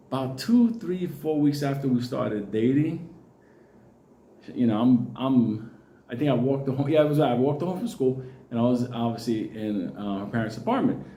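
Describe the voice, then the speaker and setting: A man's voice: medium pitch, mellow, echoey room, a little hiss or hum. A Puerto Rican man telling a long personal story in a casual, profane way, often laughing.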